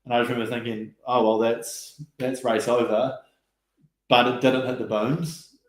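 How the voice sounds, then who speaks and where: Guy chatting relaxed about racing stories, lots of "like" and "sort of", roomy sound. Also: medium pitch, normal speed. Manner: relaxed, chatty, many fillers and quoted asides. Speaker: guest rower. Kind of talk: casual interview storytelling. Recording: roomy echo.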